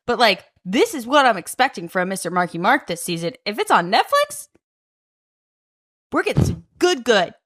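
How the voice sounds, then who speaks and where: A woman co-hosting a podcast, recapping in fast, casual storytelling with fillers and cursing. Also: mid-range voice, big pitch swings, a bit bright. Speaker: podcast co-host. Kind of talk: casual chat.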